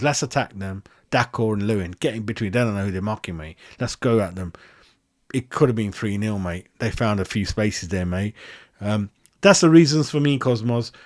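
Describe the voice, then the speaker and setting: A man talking football like a fired-up fan, swearing freely and saying it the way he sees it. His voice sits at an ordinary middle pitch and comes through a dry, close handheld mic with no room sound. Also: no room sound. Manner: excitable, sweary and blunt. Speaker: fan channel host. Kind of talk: football match review chat. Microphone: handheld microphone.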